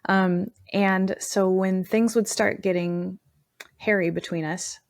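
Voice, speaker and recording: A woman's voice: medium pitch, steady tone, slow pace, gravelly. A woman co-hosting a casual relationship podcast who tells personal stories and keeps up a stream of affirming interjections. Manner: warm storytelling with frequent affirming interjections. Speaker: co-host. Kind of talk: casual podcast advice chat.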